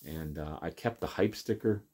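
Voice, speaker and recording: A man casually showing and talking through records he picked up, relaxed and rambling with many ums and uhs. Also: very deep voice, normal speed, slightly rough. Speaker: vinyl collector vlogger. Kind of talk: casual record show-and-tell.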